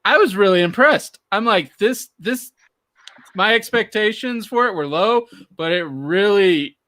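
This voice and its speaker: Lively bright-voiced man, casual podcast. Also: high voice, unhurried, no echo. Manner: animated, swears freely, bursts of laughter. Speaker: podcast co-host. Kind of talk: casual chat.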